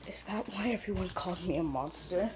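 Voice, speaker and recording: Anguished teen boy ninja, quiet and questioning, voiced by a woman reading her own story. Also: on the low side, fairly quick, noisy background, close to an everyday voice. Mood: distressed.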